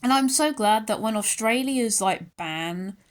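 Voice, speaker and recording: A young British woman ranting angrily into her channel's camera, sarcastic and worked up, her pitch jumping up and down as she talks. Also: expressive, a little slow. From United Kingdom. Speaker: YouTuber. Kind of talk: ranting vlog commentary.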